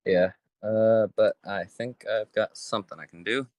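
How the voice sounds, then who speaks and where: A man's voice: on the low side, moderate pace, a little mellow, dry recording. A man chatting casually with his gaming group about a power cut. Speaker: player. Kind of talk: casual chat.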